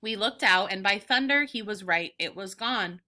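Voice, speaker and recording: A teacher reading as a sly old pirate captain. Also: female voice, medium pitch, normal speed, pushed and bright, lightly acted. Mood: persuasive. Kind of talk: read-aloud of a novel.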